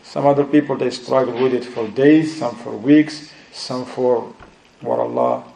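Guy teaching a religion class, quizzing the kids, mellow warm voice, slips into arabic words. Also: lively intonation, measured pace, vocal fry, poor audio. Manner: switches between English and Arabic terms, quizzes students; acts out inner voices in a lower, quieter tone. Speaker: Islamic studies teacher. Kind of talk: classroom lesson with students.

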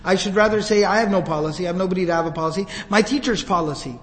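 Man, preacher, emotive sermon, high voice, echoing hall. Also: racing, a bit bright. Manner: emotive, retells scenes with quoted voices. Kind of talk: sermon storytelling.

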